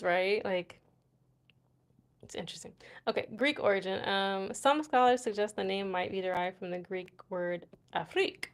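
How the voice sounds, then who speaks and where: A young woman hosting a casual livestream, chatting with viewers and reading aloud. She talks loosely with lots of fillers and tag questions, and laughs often. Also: mid-range voice. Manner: chatty, laughs often, many fillers like "right?" and "you know". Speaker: livestream host. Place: Morocco.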